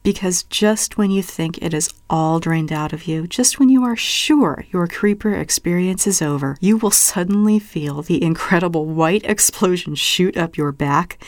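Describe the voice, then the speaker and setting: A woman's voice: lowish voice, normal speed, hardly any pauses, no room sound. A woman reading literary fiction aloud with intense, vivid delivery. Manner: intense, drops to a hushed whisper at moments. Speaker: reader.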